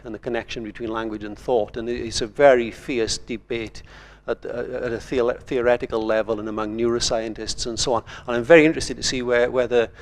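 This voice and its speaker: An older man from Wales, a writer speaking on a conference panel in a thoughtful, digressive way. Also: mid-range voice.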